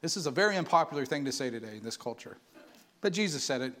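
A man preaching a sermon to his church, animated and conversational, asking the congregation for responses. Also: mid-range voice, quick pace. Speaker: pastor.

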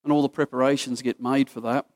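Casual Australian preacher telling a story. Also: male voice, mid-range voice, level tone, fast talker, a little mellow. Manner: casual storytelling, acts out quoted voices. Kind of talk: sermon.

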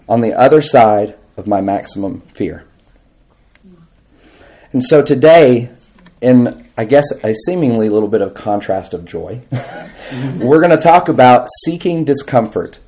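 This man's sermon unfolds as energetic storytelling for a live audience, with laughs and questions tossed out to the listeners. He's a preacher with a mid-range voice.

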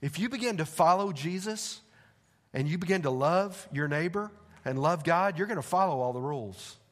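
A man preaching from the pulpit in a drawl, his voice sitting a little high. He talks to the congregation like friends, tossing in playful asides. His words ring out with a long hall reverb. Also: animated, moderate pace, a bit bright. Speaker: pastor. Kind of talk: sermon. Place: church sanctuary.

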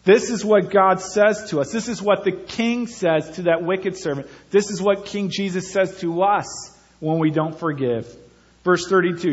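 A man's voice: high voice, fairly even intonation, moderate pace, dull audio. A man preaching an earnest sermon as pastor, building his points with repeated phrases.

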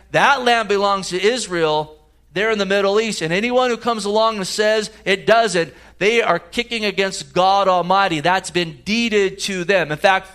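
A man's voice: sits high, fairly bright tone. A man preaching a sermon as a pastor, emphatic and full of rhetorical questions. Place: church service.

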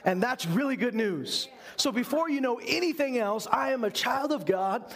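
A man with a high-pitched voice preaches a sermon. He speaks earnestly as a pastor and poses rhetorical questions to the congregation. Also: lively intonation, moderate pace, fairly bright tone.

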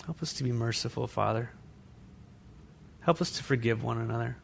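A man preaching a sermon as pastor to a congregation in a church, animated, with asides to the listeners. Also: mid-range voice, normal speed, creaky, slight background noise.

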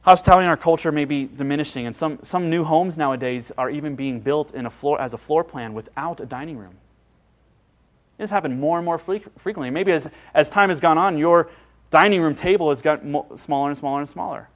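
Male pastor, somewhat high voice, emphatic conversational sermon, repeats lines for stress. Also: brisk. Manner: conversational preaching with rhetorical questions.

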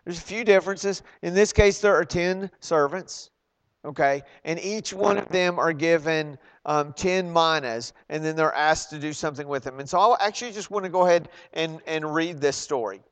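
A man preaching a sermon, animated and questioning his listeners. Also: fairly high pitch, moderate pace, clean tone. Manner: animated, acts out quoted voices, loud emphatic bursts; asks the congregation questions.

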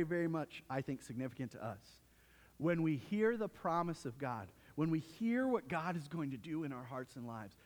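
Man, pastor, sermon, emphatic storytelling, higher voice, long hall reverb.

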